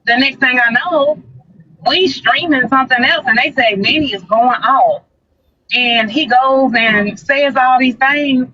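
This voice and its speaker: A woman's voice: a little high, breathy edge, dull audio. A woman on a livestream, retelling a dispute in casual chat and acting out the quotes. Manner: animated retelling, acts out quotes. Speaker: guest recounting a dispute.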